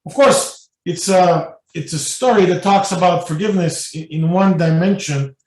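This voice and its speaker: A man's voice: high voice, normal speed, few pauses, darkish tone. A man giving a spiritual lecture as guest speaker, telling stories loosely with many fillers and restarts. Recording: echoey room, mic at a distance.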